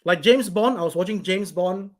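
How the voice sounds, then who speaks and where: A man's voice: high voice, moderate pace. A man hosting his own live stream, reading out viewer comments in an irritated, blunt, rambling way and swearing now and then.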